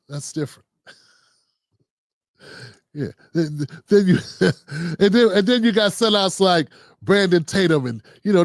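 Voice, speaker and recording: In a dry recording, a high-voiced man from Maryland, USA, hosts a livestream. He keeps up a casual monologue and often asks "you know what I'm saying."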